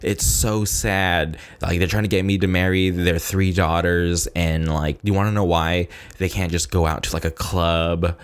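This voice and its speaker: A man's voice: low-pitched, level tone, normal speed, few pauses, clear, resonant tone, lightly acted. A man putting on the voice of a rambling, paranoid stranger who talks intensely and conspiratorially. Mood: agitated ranting.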